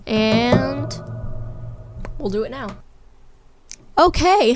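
A woman's voice: on the high side, unhurried. A young woman, a teenage podcast co-host, chatting in a giggly, rambling and self-mocking way. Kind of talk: casual podcast chat.

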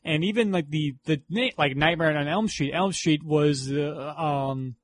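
A man's voice: a little high, a little slow, no room sound. A man with a New York accent co-hosting a podcast, rambling through film trivia with frequent restarts. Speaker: podcast co-host. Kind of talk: casual film review chat.

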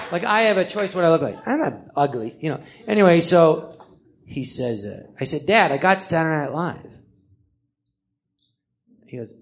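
Comedian man, fairly high voice, storytelling live on stage, animated and profane. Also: moderate pace, pauses often. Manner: animated, acts out other people's voices in quotes; swears freely, self-deprecating. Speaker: comedian telling his life story. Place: theater stage before a live audience.

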